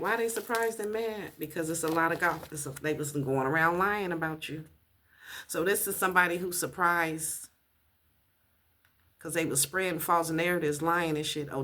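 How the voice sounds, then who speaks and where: A woman's voice: lowish voice, moderate pace, fairly bright tone. A woman giving a casual tarot reading, blunt and profane, repeating her points for emphasis. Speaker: tarot reader.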